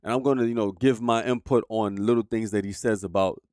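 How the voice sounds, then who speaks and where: A man's voice: fairly low pitch, fairly even intonation, fairly quick, a little mellow, no echo, studio quality. A man streaming live, talking heatedly and profanely to his chat as he reacts to a video. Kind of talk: casual livestream commentary.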